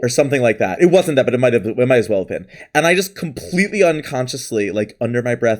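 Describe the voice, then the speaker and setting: Talking fast with hardly any pauses, a livestream host in a lively mid-range voice rambles casually and laughs a lot. He reads viewers' names from chat and thanks his followers.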